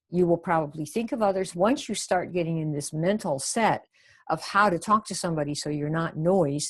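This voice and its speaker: A woman's voice: low voice, breathy edge. A woman teaching a live webinar as a sales coach, chatty and coaching, reacting to viewers' comments as she goes. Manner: chatty, coaching, reacts to chat, acts out sample phone lines.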